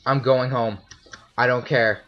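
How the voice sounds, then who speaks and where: A man's voice: mid-range voice, fairly even intonation, a little slow, highs cut off. Jumpy man narrating his gameplay. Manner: jumpy, often shouts in alarm. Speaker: gameplay commentator. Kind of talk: let's play commentary.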